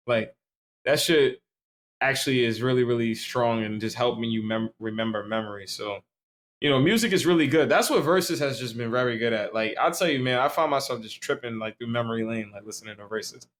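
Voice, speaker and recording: A man's voice: medium pitch, fairly quick, fairly bright tone. A tipsy young man from Staten Island, co-hosting a podcast in loose, rambling casual chat full of slang and swearing. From Staten Island, New York. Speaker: podcast co-host.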